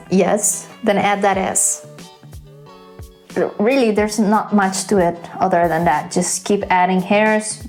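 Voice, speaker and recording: A woman's voice: medium pitch, darkish tone. A woman hosting a casual drawing tutorial, chatty and playful, with self-mocking asides. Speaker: art tutorial host.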